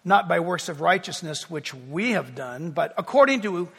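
A man preaching a sermon as pastor, animated, shouting out quoted crowds and joking with the congregation. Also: a little high, moderate pace, creaky, husky, big-room sound. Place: church sanctuary.

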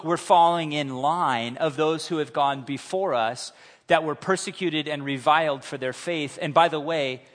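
A man preaching a sermon in a church, animated and humorous, acting out little scenes. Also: on the high side, in a large hall. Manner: animated, humorous, acts out voices. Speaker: pastor. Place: church sanctuary.

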